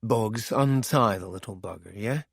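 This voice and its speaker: A man's voice: on the low side, unhurried, gravelly, slightly rough, dry recording, clean studio sound, heavily acted. A man voicing a jovial male crime boss who talks in cheerful, mocking banter. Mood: teasing.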